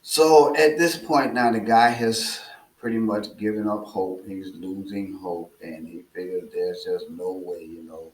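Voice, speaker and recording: Slow-talking man preaching a parable. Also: low voice, slight background noise. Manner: slow and deliberate, with filler uhs and repeated phrases. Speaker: speaker. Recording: echoey room.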